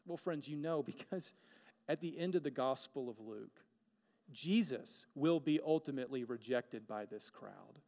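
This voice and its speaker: A man's voice: mid-range voice, normal speed, gravelly, darkish tone, in a large hall. A man preaching a sermon as a pastor, earnest, with rhetorical questions and dramatic shifts of pace.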